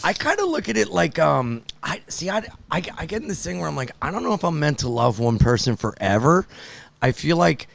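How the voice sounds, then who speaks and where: A man's voice: a little high, very animated, brisk, creaky. A young man hosting a podcast, rambling through casual comedic stories and acting out the voices of people he quotes. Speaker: podcast host.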